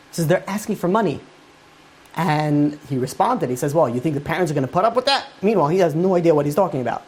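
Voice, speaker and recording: A man's voice: a little high, slightly rough. Man retelling a long story in class. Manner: retells a story at length with many quoted lines; loose spoken phrasing with repeated "he goes and he says". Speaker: rabbi giving a Torah class. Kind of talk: storytelling lecture.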